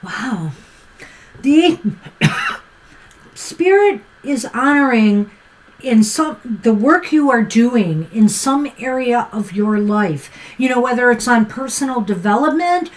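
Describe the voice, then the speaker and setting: A woman's voice: high voice, rough recording. A woman co-hosting a live tarot stream, giving uplifting card readings with plenty of "you know"s. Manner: warm-hearted, filler-heavy, many "you know"s. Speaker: tarot reader co-host.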